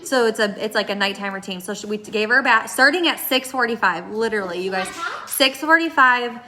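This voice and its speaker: Young mom vlogger, casual and chatty, bright tone, restarts often, faint background noise. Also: female voice, a little high, a little fast. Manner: chatty, rambling, many restarts and fillers. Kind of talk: casual vlog chat.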